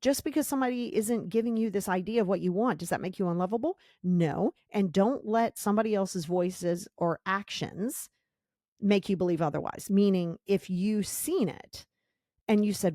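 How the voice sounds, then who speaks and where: A woman's voice: medium pitch, lively intonation, normal speed, warm tone, dry recording, studio quality. A woman hosting a podcast, giving a blunt, emphatic motivational monologue and repeating her key points. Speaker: podcast host.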